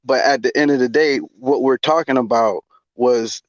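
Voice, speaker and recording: A man's voice: medium pitch, steady tone, normal speed, dry recording. A man on a video call, talking bluntly and swearing often in a casual panel chat while steering the topic. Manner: blunt, profane, keeps steering the talk. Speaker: panel regular. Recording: dull lo-fi video call audio.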